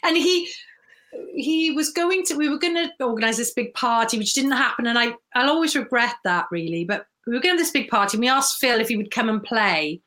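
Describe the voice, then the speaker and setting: A woman's voice: on the high side, lively intonation, a little fast. A woman, telling stories in a casual chat, laughing often. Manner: warm storytelling, laughs often, mimics voices. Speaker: guest.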